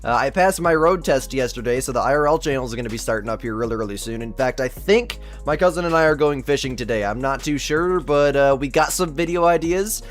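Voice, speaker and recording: A man's voice: medium pitch, expressive, fairly quick, hardly any pauses, soft background music. A young man chatting casually on a live gaming stream, keeping his voice down and rambling as he thinks aloud. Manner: holding his voice down to stay quiet.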